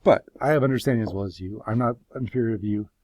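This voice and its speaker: A man's voice: fairly low pitch, quick pace, a little mellow, no room sound, lightly acted. A man voicing a suffering man who pleads his innocence before God, passionate and bitter. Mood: sarcastic.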